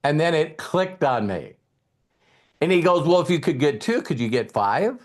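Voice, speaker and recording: A man's voice: on the high side, big pitch swings, normal speed. A man speaking as a motivational speaker, retelling a past conversation to an audience in a conversational way with emphasis. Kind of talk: storytelling speech to an audience.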